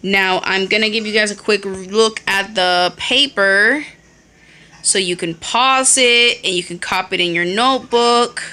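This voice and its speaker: A woman's voice: mid-range voice, unhurried, bright, forceful tone, smooth. A woman teacher giving a recorded lesson on her phone, explaining step by step and checking in often. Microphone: phone held in hand.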